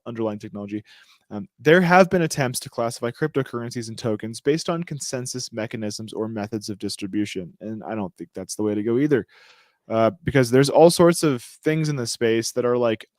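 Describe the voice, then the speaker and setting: A man of average pitch reads headlines aloud on a casual podcast, breaking off to joke and throw in slang. He trips over words and laughs it off. The sound is dry and close, with no room echo. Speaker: podcast co-host. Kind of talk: casual chat reading news aloud.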